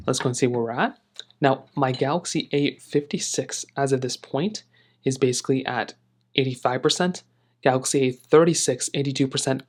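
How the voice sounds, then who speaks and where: A male tech reviewer talks viewers through his test in an easygoing, meandering way. His voice sits at an ordinary middle pitch, and he leans on filler phrases as he goes. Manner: relaxed, rambling with filler phrases. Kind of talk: casual tech review narration.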